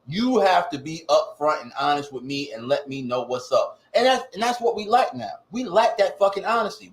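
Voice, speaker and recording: A man's voice: high voice, roomy sound. A man co-hosting a podcast, talking bluntly and with a lot of profanity in casual chat. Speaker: podcast co-host.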